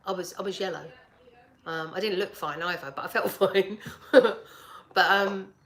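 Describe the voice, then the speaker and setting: A woman's voice: medium pitch, normal speed. A middle-aged woman telling a personal story in casual chat, acting out what people said to her and laughing often. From United Kingdom. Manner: animated, laughs often, acts out dialogue with repeated words.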